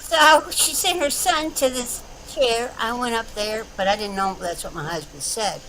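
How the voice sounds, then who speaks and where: A woman telling an animated, chatty anecdote with dry asides. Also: on the high side, normal speed, a little hiss or hum, poor audio. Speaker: storyteller. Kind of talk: casual chat.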